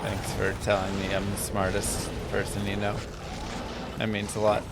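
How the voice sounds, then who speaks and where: A man's voice: fairly low pitch, monotone, normal speed, over loud music. A man live-streaming a game, talking in a dry, teasing way with some stammering. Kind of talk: casual live-stream chat.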